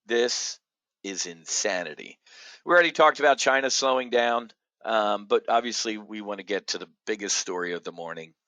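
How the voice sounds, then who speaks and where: A man hosting an opinionated market commentary show, blunt and combative, jumping from loud outbursts to low muttering. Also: normal speed, dry recording. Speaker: options trading show host.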